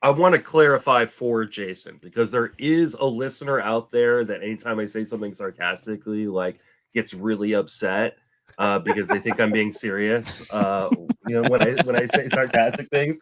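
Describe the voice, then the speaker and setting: A man's voice: on the low side, normal speed, fairly bright tone. Joking male podcast host. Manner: laughs often, jokes about sarcasm. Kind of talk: casual podcast chat.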